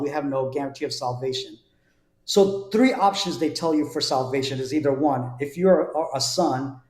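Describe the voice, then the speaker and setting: In a darkish, fairly high voice, a New Jersey man recounts how he converted, speaking as a guest in an earnest, conversational manner. He frequently restarts and repeats words, with a roomy echo on the recording.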